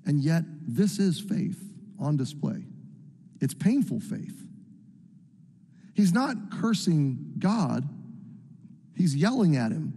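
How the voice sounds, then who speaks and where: A man's voice: a little high, sing-song, takes it slowly, long pauses, mellow, breathy edge. A man preaching a sermon, reading scripture and acting out the psalmist's cries with a rising voice. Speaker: pastor. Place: church sanctuary. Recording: echoey hall with long reverb.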